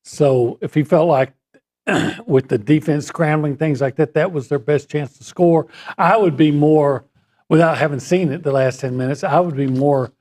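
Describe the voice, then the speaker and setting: A man's voice: on the high side, moderate pace, darkish tone. A man who works as a sports columnist, talking sports casually in an easygoing way.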